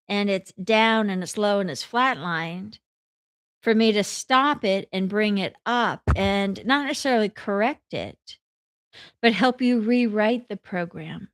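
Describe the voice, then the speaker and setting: A woman's voice: mid-range voice, dry recording, studio quality. A woman life coach and hypnotherapist talking casually and candidly, telling stories to her audience. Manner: candid, chatty storyteller.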